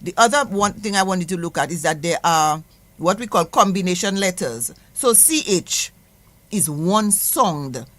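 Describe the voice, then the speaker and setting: A woman's voice: fairly low pitch, animated, no echo. Patient woman teaching sounds. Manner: slow, patient, repeats example words. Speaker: guest language teacher. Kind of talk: explaining pronunciation on radio. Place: radio studio.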